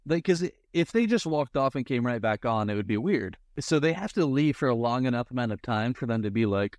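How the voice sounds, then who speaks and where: A man's voice: mid-range voice, big pitch swings, normal speed, few pauses, no room sound, clean studio sound. A man co-hosting a podcast in casual chat, complaining in a wry, amused way with acted-out asides. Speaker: podcast co-host.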